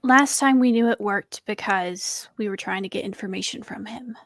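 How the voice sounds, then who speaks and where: A woman's voice: mid-range voice, moderate pace, fairly bright tone, no room sound, soft background music. A woman playing a character in a tabletop game, talking in a chatty, rambling way. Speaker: player.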